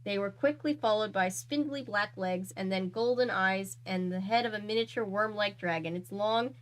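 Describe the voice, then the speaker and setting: A woman hosting her own channel, reading a dark children's book aloud. Her mid-range voice is earnest and steady, and she now and then breaks off to react. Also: mid-range voice, normal speed, rough recording.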